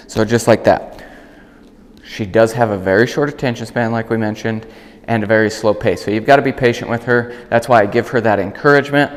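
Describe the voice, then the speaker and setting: A man working as a dog trainer, calmly explaining an outdoor training demonstration and breaking off to call and praise the dog. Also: brisk, long reverb tail. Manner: calm explaining, bursts of high praise calls to the dog.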